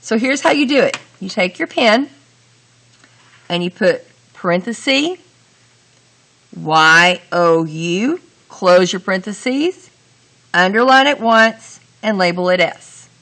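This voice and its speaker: Woman teacher, unhurried and bright-toned, walks students through each sentence step by step. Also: mid-range voice, animated. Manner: slow, deliberate, talks through each step. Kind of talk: grammar lesson.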